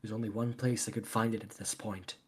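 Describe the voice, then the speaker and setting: A man voicing a gruff sarcastic detective. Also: on the low side, flat delivery, fairly quick, heavy background noise, natural voice. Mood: sardonic. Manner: blunt, sarcastic, swears. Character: gruff sardonic male detective, impatient. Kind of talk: live fan voice acting of a visual novel. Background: game music.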